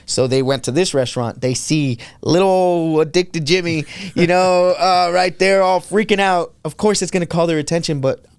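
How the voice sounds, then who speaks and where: A young man with a gravelly voice tells his personal testimony in animated storytelling, his voice jumping up when he quotes himself. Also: a little high, normal speed, hardly any pauses, dry recording. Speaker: podcast guest sharing testimony.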